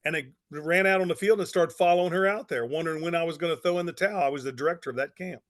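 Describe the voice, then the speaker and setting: A man's voice: a little high, very fast, a bit bright. A middle-aged man telling a motivational story in a folksy, emphatic way, with lots of repetition. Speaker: speaker on network marketing.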